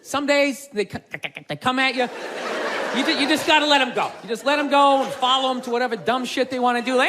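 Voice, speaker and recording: A man doing stand-up comedy, ranting loudly and exasperated, often shouting and swearing. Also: very high-pitched, fast talker. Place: live comedy club stage. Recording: live club set with loud crowd laughter and noise.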